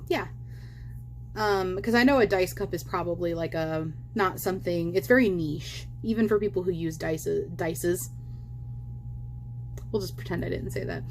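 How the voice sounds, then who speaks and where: A woman's voice: lowish voice, a little hiss or hum. Chatty young woman crocheting at home. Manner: chatty, filler-heavy, self-correcting. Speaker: crochet vlogger. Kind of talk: casual how-to chat while crocheting.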